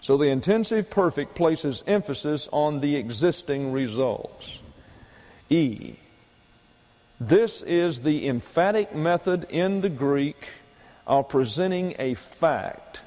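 A man's voice: mid-range voice, mellow. A man preaching a doctrinal sermon, explaining Greek grammar point by point and repeating key phrases for emphasis. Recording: long hall reverb.

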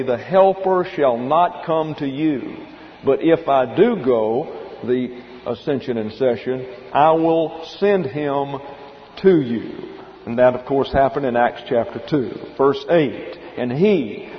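A pastor preaching verse by verse, stopping to explain the Greek behind the words and telling listeners to note them down. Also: male voice, mid-range voice, a little slow. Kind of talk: expository sermon. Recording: dull lo-fi recording in a reverberant hall.

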